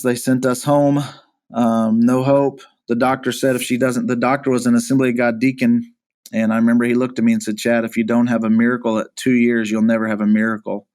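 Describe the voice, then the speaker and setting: A man's voice: medium pitch, a little mellow. A male pastor from Missouri, a podcast guest, earnestly telling his own life story with frequent restarts and repeated words. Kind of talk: personal testimony in a podcast interview.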